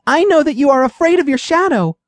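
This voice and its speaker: A woman voicing a small, timid female mouse who pleads in a high, trembling voice. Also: expressive, fairly quick, no echo. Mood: urgent.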